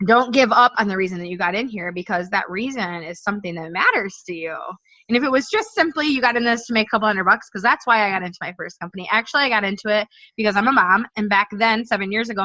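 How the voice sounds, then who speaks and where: A woman's voice: mid-range voice, quick pace, pushed and bright, no echo. A woman in her thirties, a stuffy-voiced team leader giving her sales team an upbeat, direct pep talk. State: stuffy from allergies. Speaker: network marketing team leader. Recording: dull, dry lo-fi recording.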